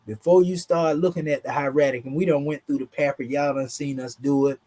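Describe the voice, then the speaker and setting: A man's voice: fairly high pitch, darkish tone. A man with a Southern US drawl giving a casual, emphatic online lesson, talking through charts in a slangy, conversational way. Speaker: teacher.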